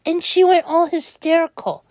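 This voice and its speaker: A young woman venting in an upset, halting way, often restarting her sentences. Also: very high-pitched, darkish tone, dry recording. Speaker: vlogger. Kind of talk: venting monologue.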